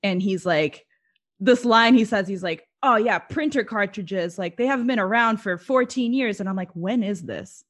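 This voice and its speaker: A woman's voice: medium pitch, moderate pace. A woman chatting casually as co-host, telling a rambling story and laughing often. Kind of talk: casual chat.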